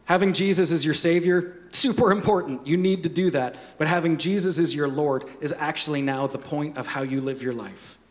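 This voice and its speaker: A man preaching a sermon as pastor, animated, with joking asides and repeated words. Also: a little high, a little fast, few pauses.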